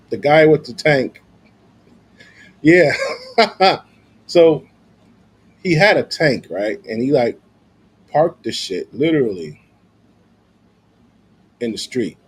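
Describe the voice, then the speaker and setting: A man's voice: mid-range voice, husky. A man streaming casual, profane commentary, slangy and loose with lots of filler.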